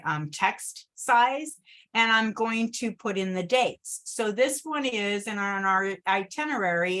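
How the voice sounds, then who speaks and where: A woman's voice: medium pitch, a bit bright. Chatty woman walking through a screen-share tutorial. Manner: chatty, addresses viewers as "you guys", frequent "okay?". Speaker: travel agent trainer.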